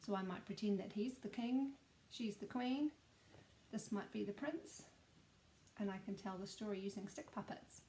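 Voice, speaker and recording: A woman teacher, reading a story aloud and leading a sing-along for young children, gentle and clear. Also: mid-range voice, moderate pace, a little hiss or hum.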